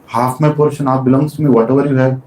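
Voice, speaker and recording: A man voicing an indignant goddess wife who demands her share, scolding with sharp questions. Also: medium pitch, fairly even intonation, fast, a little hiss or hum, natural voice. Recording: roomy temple hall.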